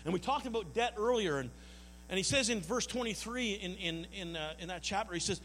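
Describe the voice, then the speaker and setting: A man's voice: sits high, moderate pace, fairly bright tone. A man preaching a sermon as pastor, earnest and folksy, often stumbling and repeating words. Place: church hall. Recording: long hall reverb, mains hum.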